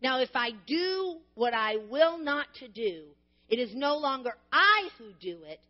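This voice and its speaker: A middle-aged woman with a high voice preaches a sermon. Her talk is earnest and personal, with laughing asides, and it climbs to fervent emphasis. The recording sounds a little dull and lo-fi. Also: very animated, a little slow.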